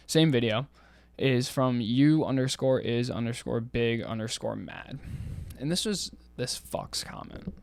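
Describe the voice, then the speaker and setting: A man's voice: medium pitch, no room sound. A young man hosting his own show, reading comments aloud in casual chat and getting heated, swearing bluntly. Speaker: podcast host.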